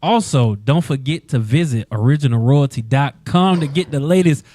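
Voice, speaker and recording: A man co-hosting a talk show, plugging merchandise in a hyped, lively way. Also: mid-range voice, normal speed. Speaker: co-host.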